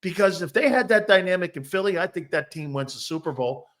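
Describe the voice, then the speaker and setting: A man's voice: high voice, expressive, a little fast, fairly bright tone. A man hosting a sports show, asking long, rambling questions and retelling stories with animation. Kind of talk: casual interview chat.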